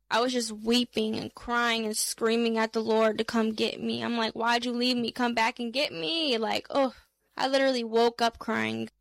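A woman's voice: fairly high pitch, gravelly, a bit bright, no room sound. A young woman, emotionally recounting a dream and urgently preaching. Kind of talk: testimony of a dream, preaching to camera.

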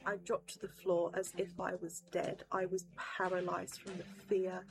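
A woman's voice: on the low side, little pitch movement, normal speed, creaky. Solemn woman telling of a vision. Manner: solemn, intense retelling. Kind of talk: personal testimony of a vision.

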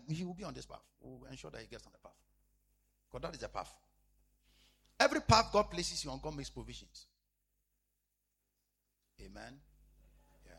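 A man preaching a sermon as an apostle, repeating his phrases and swinging from shouted emphasis to low, quiet asides. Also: sing-song, moderate pace, gravelly, pauses often, breathy edge.

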